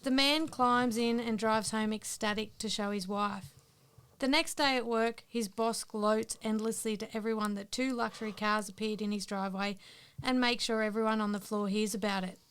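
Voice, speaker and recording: A woman podcast co-host telling a long joke story in a casual chat, teasing and quick to laugh. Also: fairly high pitch, fairly even intonation, fairly bright tone, clean tone.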